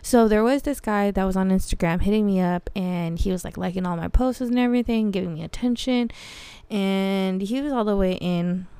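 A young woman hosting a podcast tells a story in a casual monologue, blunt and animated, packed with slang and swearing. Her mid-range voice is smooth and clear at a normal speed. The recording is close and dry.

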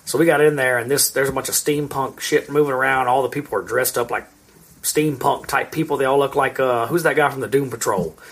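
A man's voice: mid-range voice, fairly even intonation, a little fast, slightly rough. A man in his thirties, a podcast co-host, telling long rambling stories in casual chat and swearing freely. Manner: rambling storyteller, swears a lot.

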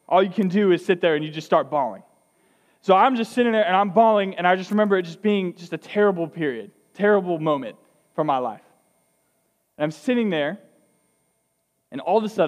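High-voiced young pastor in a hall. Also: male voice. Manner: storytelling, conversational with repeated restarts. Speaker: student pastor. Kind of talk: sermon. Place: church hall. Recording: long reverb of a large hall.

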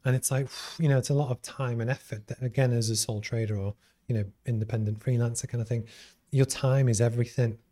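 A man with a Liverpool accent hosts a casual interview, prompting his guest and riffing on her answers. He talks very fast in a dark, mellow voice at a middling pitch. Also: steady tone. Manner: rapid, conversational, prompting. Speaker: interview host.

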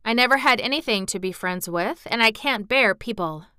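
A frail, excitable young boy from a storybook, voiced by a woman reading aloud. His speech comes out eager and pleading, with a fretful edge. The sound is bright, very clear and dry. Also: fairly high pitch, normal speed, no room sound, voice pushed up. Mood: wistful.

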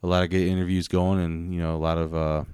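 A man's voice: deep voice, fast, clear, resonant tone, no room sound, studio quality. A man hosting a podcast, chatting casually and rambling with plenty of fillers. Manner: relaxed, rambling with frequent fillers. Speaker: podcast host. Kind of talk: casual chat.

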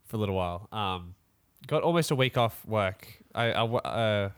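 A man's voice: fairly low pitch, normal speed, clean tone, no echo, studio quality. A young man co-hosting a podcast, chatting casually with many fillers and restarts. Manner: relaxed, rambling, frequent fillers and restarts. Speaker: podcast co-host. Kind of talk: casual chat.

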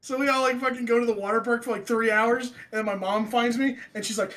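A young man casually telling childhood stories, animated and swearing, acting out quotes from his parents. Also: very high voice, fast, few pauses. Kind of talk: casual storytelling chat.

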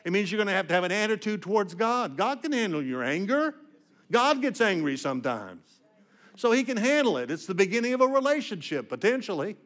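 An older male preacher delivers a personal sermon with a slightly high voice. He tells his story with raw feeling, dropping to a hush for heavy moments and rising emphatically for his points. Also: sing-song, fairly quick. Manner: emotional storytelling, dramatic swings from hushed to emphatic.

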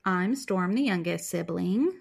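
A woman's voice: on the low side, expressive, unhurried, vocal fry, a little mellow, husky. Giggly woman co-host. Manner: giggly, chatty storytelling. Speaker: podcast co-host, youngest sibling. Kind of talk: casual chat.

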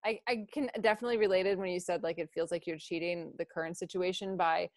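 A woman's voice: fairly low pitch, fairly even intonation, quick pace, a little mellow, no room sound, clean studio sound. A young woman guesting on a podcast, talking reflectively with lots of "like" and restarts. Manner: filler-heavy, reflective, many "like"s. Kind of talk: casual chat.

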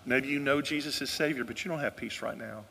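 A man's voice: medium pitch, a little fast, gravelly, bright, forceful tone, big-room sound, a little hiss or hum. A male pastor preaching a sermon, telling a story in an earnest way and asking the congregation questions.

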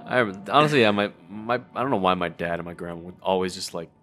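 A man's voice: low voice, quick pace, over music. Casual guy saying "dude" a lot. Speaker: podcast guest. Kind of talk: casual chat.

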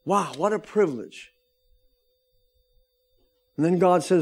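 A man preaching a sermon, calling out for amens and rising into shouted emphasis. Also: high-pitched, unhurried, pauses often. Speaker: pastor.

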